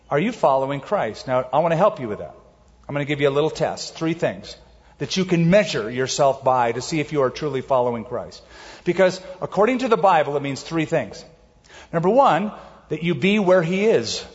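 A man preaching a sermon as pastor, emphatic, varying his pace and slowing words down for stress. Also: fairly high pitch, animated, in a large hall, lo-fi sound.

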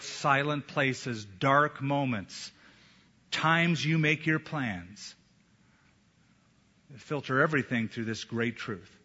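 A man's voice: medium pitch, pushed and bright. Emphatic male pastor in an echoing hall. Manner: emphatic, slow deliberate pauses. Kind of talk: sermon. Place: church sanctuary. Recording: echoey hall, dull lo-fi sound.

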